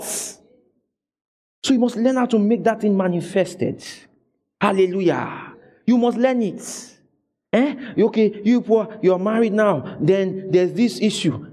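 A man preaching a sermon as a pastor, acting out dialogue in an animated way. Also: sits high.

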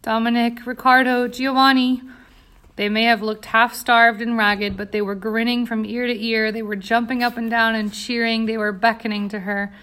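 A woman's voice: a little high, level tone, moderate pace, hardly any pauses, fairly bright tone. A woman reading an audiobook aloud, telling the story in a tense, dramatic way. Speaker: audiobook reader. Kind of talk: scripted audiobook narration.

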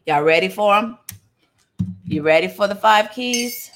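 A woman giving a lively, conversational Bible lesson, calling out to her listeners. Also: mid-range voice, measured pace, a little hiss or hum. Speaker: Bible study teacher. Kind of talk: casual sermon-style Bible teaching.

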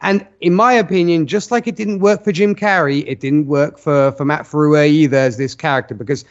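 A podcast co-host with a slightly high voice talks a bit quickly, offering earnest film opinions in long runs that keep restarting. It's a casual film review chat, and the lo-fi audio sounds dull.

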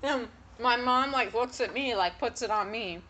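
A woman from California telling a story in casual chat, chatty and animated and quick to laugh. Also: a little high.

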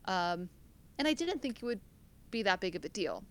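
A woman's voice: medium pitch, big pitch swings, moderate pace, fairly bright tone. A young American woman co-hosting a podcast, chatting casually and laughing at herself. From United States. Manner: chatty, self-deprecating, laughs often. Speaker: podcast co-host. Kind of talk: casual chat.

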